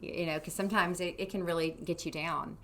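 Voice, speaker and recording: A woman's voice: lowish voice, steady tone, fast talker, fairly bright tone. A woman hosting an interview, encouraging her guest with playful asides. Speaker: podcast host. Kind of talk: casual interview chat.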